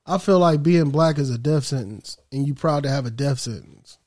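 Animated young man in casual chat. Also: fairly high pitch, moderate pace. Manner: animated, rambling, slangy.

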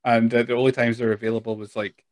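Scottish male podcast host, chatty and given to laughter, mid-pitched voice, dry close sound. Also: little pitch movement, quick pace, no room sound. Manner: chatty, laughs often, trails off and restarts. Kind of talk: casual chat.

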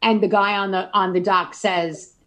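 A woman co-hosting a casual podcast chat, gushing and excitable, often exclaiming. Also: medium pitch, moderate pace. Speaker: podcast co-host.

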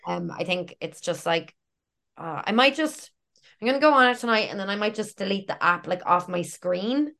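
A woman co-hosting a podcast, speaking quietly and hesitantly, often laughing along and backing up her friend. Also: mid-range voice, animated, moderate pace, gravelly. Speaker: podcast co-host. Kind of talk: casual chat.

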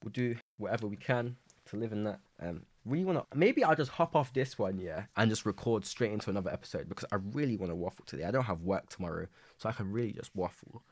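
A man's voice: fairly low pitch, animated, fast, few pauses, darkish tone, no room sound. A young man from England, hosting a casual solo podcast, rambling and swearing with lots of energy. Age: young adult. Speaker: podcast host. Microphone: podcast microphone.

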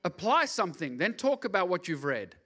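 A high, bright-voiced man preaching with big swings in pitch. He jokes and acts out little scenes as he goes, lively and animated throughout a sermon. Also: brisk. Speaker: pastor.

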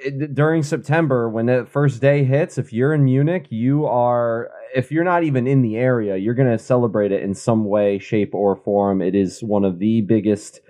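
A man in casual podcast chat, relaxed and joking with his co-host. His voice sits at an ordinary middle pitch. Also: moderate pace, few pauses. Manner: laid-back, joking.

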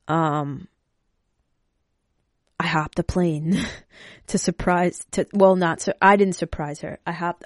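A woman's voice: fairly low pitch, darkish tone, no room sound, clean studio sound. A woman speaking casually and emotionally, rambling and swearing freely as she talks to her listeners. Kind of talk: casual personal talk.

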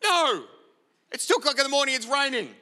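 Man playing a grumpy sleepy husband in a church joke, high and sharp. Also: very animated, brisk, exaggerated voice. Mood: exasperated. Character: sleepy husband woken at night, middle-aged. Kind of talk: storytelling in a sermon joke.

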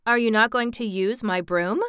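A simple, earnest pumpkin-headed man asking plain questions, as a woman reading a storybook voices him. Bright and smooth, recorded close and dry. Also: fairly high pitch, moderate pace, dry recording, voice pushed up, close to an everyday voice.

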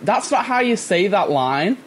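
A man's voice: high-pitched, very animated, a little slow, slight background noise. Brief: male podcast co-host, wry and rambling, casual chat.

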